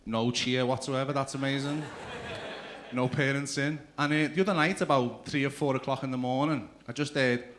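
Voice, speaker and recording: A man's voice: mid-range voice, steady tone, normal speed, noisy background. A man doing a stand-up comedy routine, telling crude stories and throwing asides to the crowd. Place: comedy club stage.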